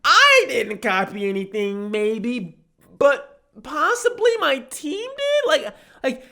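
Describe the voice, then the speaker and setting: A man putting on the voice of a whiny, evasive young man who pleads his innocence in a high, shrill tone. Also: wildly swooping pitch, takes it slowly, creaky, bright, forceful tone, full character voice. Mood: pleading.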